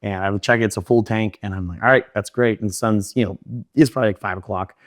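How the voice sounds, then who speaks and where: Young guy, lowish voice, talks super fast with lots of "you know" and restarts. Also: steady tone, dry recording, studio quality. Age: young adult. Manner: fast, run-on talk with many fillers and restarts. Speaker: interview guest. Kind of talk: candid interview storytelling.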